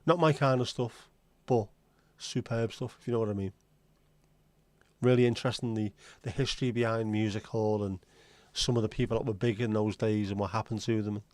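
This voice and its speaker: A man's voice: lowish voice, steady tone, fairly quick, a little mellow, dry recording. Male host, rambling casual chat with viewers, dry close sound. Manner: rambling, chatty, answers chat comments aloud.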